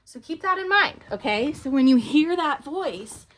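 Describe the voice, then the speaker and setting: A woman's voice: sits high, lively intonation, measured pace, fairly bright tone. A young adult woman giving an earnest, rambling self-help talk to camera, with lots of fillers. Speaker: vlogger.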